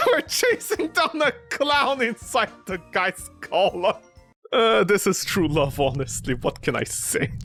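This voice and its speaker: A man's voice: sits high, sing-song, measured pace, fairly bright tone, soft background music. A man doing joking let's play commentary on a horror game, rambling and breaking into mock outrage and yelps. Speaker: gaming streamer.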